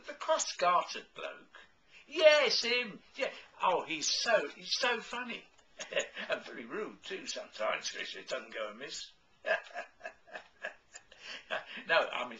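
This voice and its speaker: A man's voice: on the high side, creaky, pushed and bright. A man performing a comic one-sided phone call, chatty, fussy and genteel in manner. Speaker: comedy performer.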